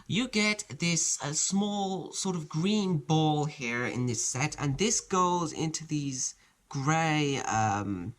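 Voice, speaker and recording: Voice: mid-range voice, expressive, takes it slowly. A toy set reviewer giving a casual show-and-tell review in a small home studio, chatty and hesitant, often restarting phrases while handling the set.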